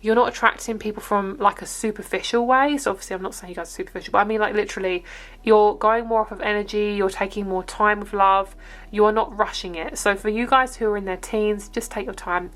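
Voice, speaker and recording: A young woman with an English accent talks her way through a tarot reading to camera. She is chatty and upbeat and rambles from one thought to the next, with a pitch that sits in the middle for a woman. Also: quick pace, a bit bright. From England. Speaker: tarot reader.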